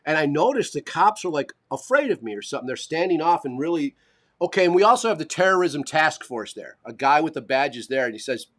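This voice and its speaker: A man's voice: a little high, fast. A man co-hosting a live stream, telling a long story in casual chat, swearing and acting out the people he quotes. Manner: animated, swearing, acts out quoted voices. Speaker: podcast co-host.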